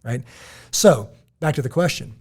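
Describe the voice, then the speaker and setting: Animated American man with a mellow voice. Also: mid-range voice, normal speed, husky. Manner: animated storytelling, quotes others in lively voices. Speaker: podcast co-host. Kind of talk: casual chat.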